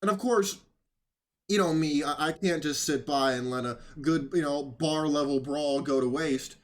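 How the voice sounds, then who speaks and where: This sarcastic political commentator rambles and restarts as he talks casually, mocking people by doing impressions of them. His pitch is fairly high, and his pace moderate.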